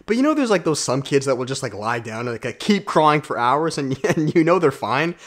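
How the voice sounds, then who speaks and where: A man giving a blunt, profane motivational monologue to his viewers, calling them guys, swinging from low asides to loud emphatic outbursts. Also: sing-song, fairly quick. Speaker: self-development YouTuber.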